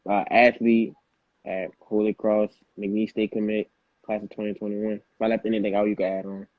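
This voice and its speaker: A man's voice: on the low side, level tone, moderate pace, dry recording. A man interviewing a young athlete, asking questions casually and saying "like" and "for sure" a lot. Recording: dry, phone-like line.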